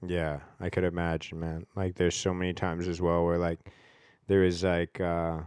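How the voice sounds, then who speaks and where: A man's voice: low-pitched, monotone, normal speed, darkish tone, smooth, no room sound, studio quality. A young adult man hosting his own podcast, chatting casually and leaning heavily on "like". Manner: chatty, heavy use of "like". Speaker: podcast host.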